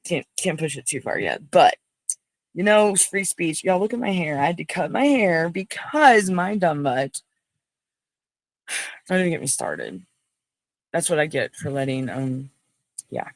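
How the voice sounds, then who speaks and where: A woman's voice: low-pitched, very animated, measured pace, long pauses, dry recording. Rambling, chatty woman livestream host. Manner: chatty and rambling, greets viewers by name. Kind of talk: casual livestream chat. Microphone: phone.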